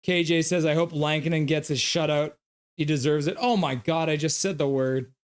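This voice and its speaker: A man's voice: fairly high pitch, steady tone, moderate pace, clear, resonant tone. A man hosting a live stream. He reads viewer comments aloud, gives loose play-by-play, and coos at his dog. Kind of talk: casual live game reaction and chat reading.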